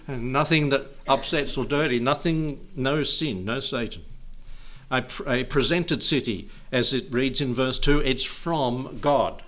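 A man of middling pitch delivers a sermon to a church gathering. He breaks into soft chuckles between phrases and slows down to read scripture passages with rising emphasis. His tone stays conversational and easy. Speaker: pastor. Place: church service.

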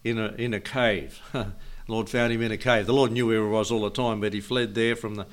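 A man's voice: fairly low pitch, fairly even intonation, a little fast. An older man preaching a Bible teaching sermon in a folksy way, chuckling often and asking his listeners questions.

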